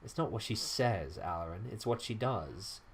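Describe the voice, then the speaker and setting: A man voicing a curt young male rival who brushes others off, speaking low and clipped. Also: expressive, normal speed, husky. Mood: dismissive. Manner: brusque, dismissive.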